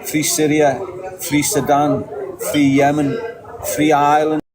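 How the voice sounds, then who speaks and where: A man from England with a Scouse accent, delivering a heated, sweary, opinionated rant that repeats its points forcefully. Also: on the high side, monotone, a little slow, rough recording. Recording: loud crowd behind the voice.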